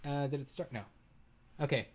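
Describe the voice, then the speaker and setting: A streamer reacting to a debate clip on a livestream, ranting with profanity, exasperation and loud sarcastic outbursts. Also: mid-range voice, fairly even intonation, moderate pace, slightly rough.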